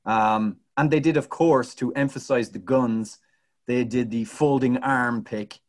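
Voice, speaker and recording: A man's voice: medium pitch, a little slow. A man co-hosting a casual sports podcast, bantering in a wry, joking way. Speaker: podcast co-host.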